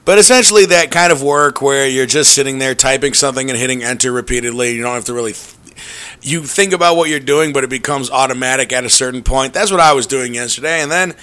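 A man's voice: medium pitch, fast, fairly bright tone. A man hosting a casual podcast, rambling sarcastically with laughing asides. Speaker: podcast host.

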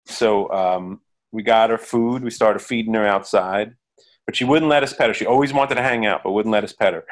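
A middle-aged man, a musician and producer, talking as a guest in a casual interview, halting with many fillers. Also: fairly low pitch.

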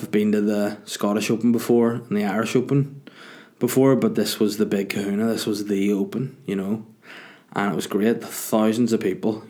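A man's voice: lowish voice, darkish tone. A young man telling a casual, jokey, rambling story to camera. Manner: rambling, jokey, self-mocking. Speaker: vlogger.

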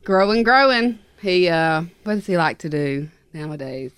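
A woman's voice: fairly low pitch, expressive, moderate pace, heavy background noise. A young woman, chatting casually on a podcast, telling stories with giggles and teasing. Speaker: podcast co-host. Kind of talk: casual chat.

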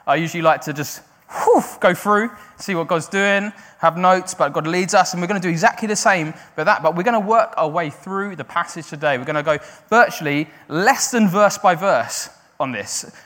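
A man preaching a sermon to a congregation. He swings between loud, raised cries and quiet, conversational explaining. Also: high voice, normal speed, hardly any pauses. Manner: builds to loud cries when quoting, then drops quiet and conversational. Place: church hall. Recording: long hall reverb.

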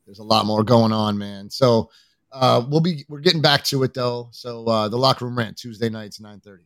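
A man's voice: medium pitch, normal speed, dry recording, studio quality. A man plugging his own show in a casual, easygoing way on a video call. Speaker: guest panelist. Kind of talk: casual chat.

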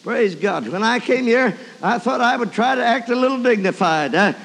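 A man's voice: very high voice, lively intonation, normal speed, gravelly, a bit bright. A man preaching a sermon, telling a story and breaking into emotional praise. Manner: emotional, exclaiming praise often. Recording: long hall reverb.

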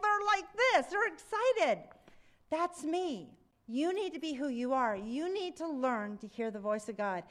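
A middle-aged woman preaching in a conversational, animated way, with sudden excited exclamations. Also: sits high. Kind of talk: sermon.

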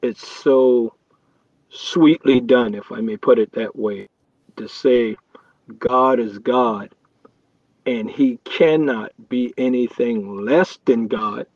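A man's voice: medium pitch, takes it slowly, darkish tone, no room sound. Earnest man, dry lo-fi sound. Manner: earnest, reflective, many restarts. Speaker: podcast co-host. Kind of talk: casual faith podcast chat.

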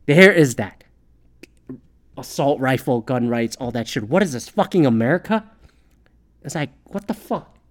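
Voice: medium pitch, animated, normal speed, long pauses. A Canadian speaker ranting about politics, swearing constantly, rambling and sarcastic. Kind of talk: profane political rant.

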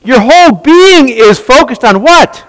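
A man's voice: very high voice, lively intonation, a little slow. Man, bible study teaching, rhetorical questions, repeats himself, long echoing reverb. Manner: rhetorical questions, answered at once; frequent restarts and repeated words.

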